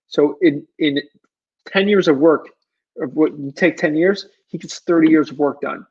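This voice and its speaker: Pleading man with a slightly high voice. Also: normal speed, darkish tone, breathy edge, lo-fi sound. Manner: rambling, pleading, with many fillers and restarts. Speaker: livestream Q&A host. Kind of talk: casual livestream advice.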